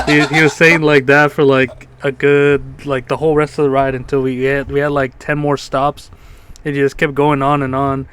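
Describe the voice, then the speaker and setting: A man's voice: mid-range voice, level tone, moderate pace, background noise. A man co-hosting a podcast, telling a long anecdote in a rambling casual way with lots of fillers. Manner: rambling storytelling with frequent fillers and laughs. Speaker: podcast co-host.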